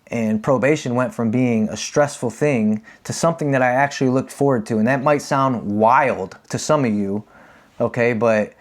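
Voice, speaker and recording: Male host, 30s, confessional storytelling, candid and conversational, mid-pitched voice. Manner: candid, animated when acting out quotes. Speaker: podcast host.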